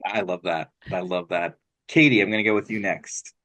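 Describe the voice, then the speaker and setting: A man hosting an interview who asks his questions in a soft, hesitant way. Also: deep voice, fairly even intonation, moderate pace. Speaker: interviewer for a storytelling theater company.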